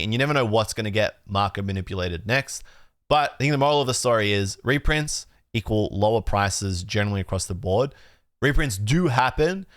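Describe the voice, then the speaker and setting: A man's voice: mid-range voice, no room sound, clean studio sound. Laid-back Australian man on a stream. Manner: relaxed, chatty, retakes his outro lines. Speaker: streamer and card collecting host. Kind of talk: casual live-stream chat.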